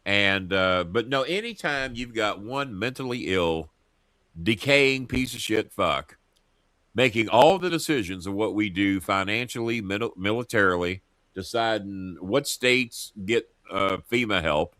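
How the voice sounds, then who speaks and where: Guy hosting his own show, swears a lot, voice jumps all over, bright and dry sounding. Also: lowish voice, measured pace, no echo. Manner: profane, animated storytelling. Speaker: show host. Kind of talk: casual political chat. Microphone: earpiece headset.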